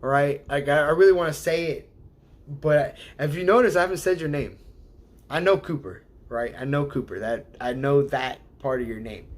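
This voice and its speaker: A man's voice: fairly high pitch, normal speed. Rambling man chatting on a livestream. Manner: rambling, hesitant, laughs often, sounds out words. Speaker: livestream host. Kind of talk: casual livestream chat.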